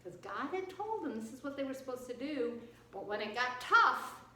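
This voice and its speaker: Expressive woman telling a Bible story. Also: sits high, normal speed, few pauses, a little hiss or hum. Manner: explaining, expressive. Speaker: children's Bible teacher. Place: church. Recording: echoey room, distant mic.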